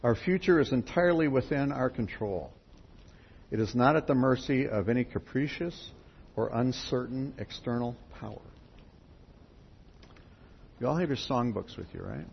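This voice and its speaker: A man's voice: medium pitch, expressive, normal speed, creaky, long pauses. A man speaking at a spiritual gathering, a folksy storyteller who tells parables and talks straight to his group. The sound is dull and lo-fi with faint background noise. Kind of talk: sermon with storytelling.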